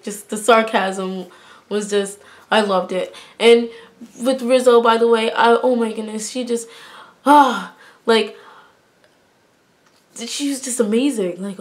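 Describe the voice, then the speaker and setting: A young woman talking straight to her camera in an excited casual review vlog. She gushes in a bubbly rush, stacking up exclamations and fillers, with a sarcastic streak she owns up to. Her voice sits at an ordinary middle pitch for a woman. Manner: gushing and bubbly, many fillers like "oh my goodness"; self-described sarcastic. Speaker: vlogger.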